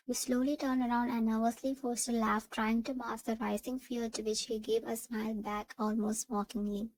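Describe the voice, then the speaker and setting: Woman reading fan fiction, flat and even. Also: fairly high pitch, moderate pace, few pauses, poor audio. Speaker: narrator. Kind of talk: second-person fan fiction narration.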